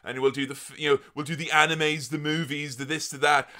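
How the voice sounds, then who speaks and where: A man's voice: a little high, flat delivery, fairly quick, bright, forceful tone. A man hosting a casual podcast, playful and jokey, with theatrical introductions for his co-hosts. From Ireland. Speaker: podcast host.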